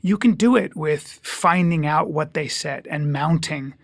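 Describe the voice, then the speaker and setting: A man with a fairly high, rough, fry-laced voice talks as a guest comedian in a relaxed interview. He is emphatic and joking, swinging between loud punches and hushed asides. The sound is close and dry, with no room around it. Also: unhurried, no room sound. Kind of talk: casual interview talk.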